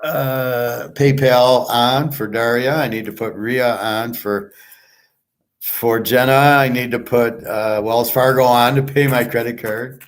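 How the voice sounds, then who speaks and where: A man's voice: mid-range voice, fairly even intonation, slow pace. A man hosting his own channel, chatting casually and rambling as he talks straight to a listener. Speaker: channel host. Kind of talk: casual rambling chat to viewers.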